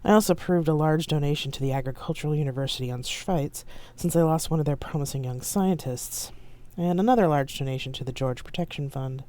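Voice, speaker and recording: A woman author reading her own novel aloud on a live stream in steady storybook narration. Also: low voice, brisk, dry recording.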